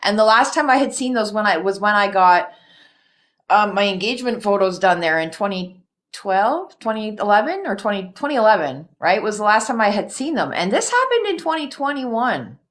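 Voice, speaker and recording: A woman hosting a casual spiritual chat, telling stories in a lively way, swearing freely and laughing often. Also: medium pitch, normal speed. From Canada. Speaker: host.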